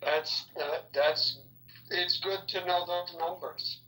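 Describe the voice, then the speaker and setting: A man on a call-in panel speaking slowly, softly and hesitantly. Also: high voice, steady tone, pitched above the performer's own voice. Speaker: caller on a political panel. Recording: distant mic with loud background noise.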